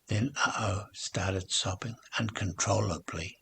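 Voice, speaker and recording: An older man with a New Zealand accent, reading a children's story aloud in a measured way and softening almost to a whisper in sad parts. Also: medium pitch, husky. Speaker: storybook reader.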